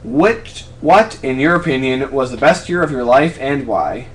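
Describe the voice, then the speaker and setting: A man's voice: medium pitch, lively intonation, a little slow. Chatty young man answering fan questions. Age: 20s. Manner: rambling, self-correcting, chatty. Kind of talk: casual vlog Q&A. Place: apartment room.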